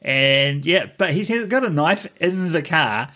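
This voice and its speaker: A man in his fifties from New Zealand co-hosting a casual podcast, telling rambling stories with frequent pauses and restarts. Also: fairly high pitch. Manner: relaxed, halting, rambling anecdotes. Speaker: podcast co-host. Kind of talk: casual chat.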